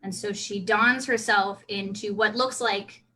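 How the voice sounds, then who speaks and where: A woman's voice: mid-range voice, steady tone, a little slow, pushed and bright, poor audio. A woman casually telling her role-play character's backstory, chatty with many restarts. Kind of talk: casual storytelling.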